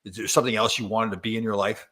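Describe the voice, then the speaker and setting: Bright-voiced man rambling through stories. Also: fairly low pitch, steady tone. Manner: rambling, halting storyteller with many restarts. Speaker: podcast host. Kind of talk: casual chat.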